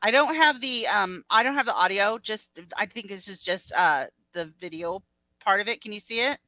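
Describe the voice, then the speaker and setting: A woman co-hosting a livestream from a home mic, telling a story excitedly and swearing freely. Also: mid-range voice, normal speed, dry recording, poor audio. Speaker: livestream co-host. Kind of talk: casual gossip chat.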